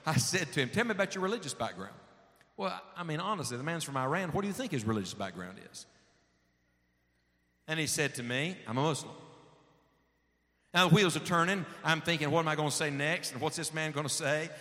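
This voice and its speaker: A man's voice: a little high, lively intonation, fairly quick, long pauses, a bit bright. Folksy preacher man in a reverberant hall. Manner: folksy anecdotal preaching, acts out dialogue. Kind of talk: sermon storytelling.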